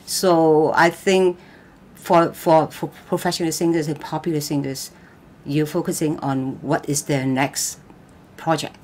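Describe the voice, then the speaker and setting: An older woman, a guest vocal coach, talking in a live-stream interview, halting and repeating words with loose grammar. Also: low voice, steady tone, a little mellow.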